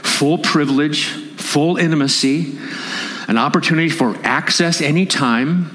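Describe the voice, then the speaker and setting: A man's voice: on the high side, measured pace, fairly bright tone. A man preaching a sermon as pastor at a conference, impassioned and rising into emphatic raised appeals. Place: conference hall. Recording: long hall reverb.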